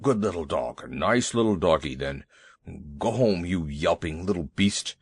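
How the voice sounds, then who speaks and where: A man voicing a timid, grumbling male elephant in a children's audiobook, low and heavy. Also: lively intonation, measured pace, breathy edge, exaggerated voice. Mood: whiny. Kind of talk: audiobook character voice.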